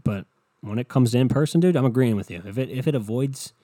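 A man's voice: mid-range voice, quick pace, dark tone, dry recording, clean studio sound. A young man hosting his own podcast, ranting bluntly and rambling with lots of swearing. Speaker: podcast host. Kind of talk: solo podcast rant.

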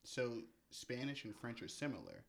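A man's voice: normal speed, gravelly, crowd noise. A young man co-hosting a podcast in casual chat, telling jokes and mock-serious stories. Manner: joking, mock-serious storytelling with a lively pitch. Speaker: podcast co-host.

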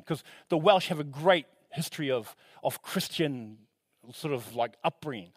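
Male preacher, high voice, dry close mic, lively and chatty delivery with asides. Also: normal speed, dry recording. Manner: animated, shifting pitch and loudness for emphasis; conversational, self-correcting with asides. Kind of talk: sermon.

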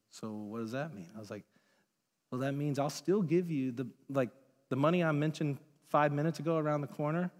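A man's voice: mid-range voice, a little mellow. Man, pastor, conversational sermon, acts out quotes, long echo. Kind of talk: sermon with storytelling. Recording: long hall reverb.

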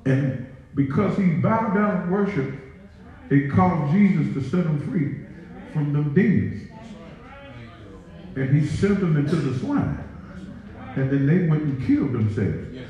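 Animated preacher in echoing hall. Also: male voice, a little high, unhurried, long pauses. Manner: playful, joking asides, call-and-response with congregation. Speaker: pastor. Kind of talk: sermon. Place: large church sanctuary. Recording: very echoey hall, dull sound, from far off.

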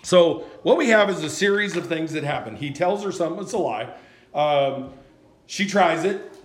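A man's voice: on the high side, expressive, moderate pace. Sex: man. Role: pastor. Style: sermon. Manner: folksy, conversational storytelling. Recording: echoey room.

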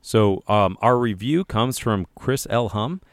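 Low-voiced enthusiastic podcast co-host man. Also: lively intonation, takes it slowly, no room sound, clean studio sound. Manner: enthusiastic, effusive. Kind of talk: casual podcast chat.

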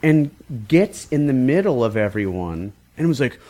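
A man casually telling a story on a podcast, animated, acting out quotes, with many fillers. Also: moderate pace. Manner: animated, acts out quotes with big pitch jumps, many "like" fillers.

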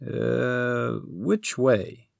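A man voicing a nervous, fussy male wizard in an audiobook, hesitant and full of little pauses. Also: mid-range voice, gravelly, no echo, studio quality, voice pushed up, heavily acted. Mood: fidgety. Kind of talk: audiobook character voice.

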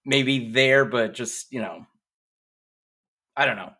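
A man co-hosting a podcast in casual chat, excitable and gleeful, often hedging his guesses. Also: medium pitch, slow. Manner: excitable and gleeful, hedging with "maybe" and "I don't know". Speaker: podcast co-host.

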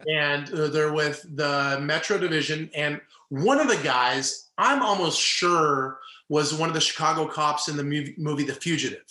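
A man's voice: a little high, moderate pace, hardly any pauses, roomy sound. A middle-aged man, a former ballplayer, telling a story in casual chat and acting out the people in it. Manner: animated, acts out quoted people. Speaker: former baseball player, guest.

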